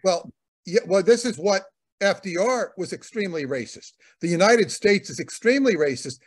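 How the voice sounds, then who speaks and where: A man's voice: sits high, animated, moderate pace, breathy edge. A man co-hosting a talk, rambling in casual commentary, often repeating words and using fillers. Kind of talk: conversational commentary.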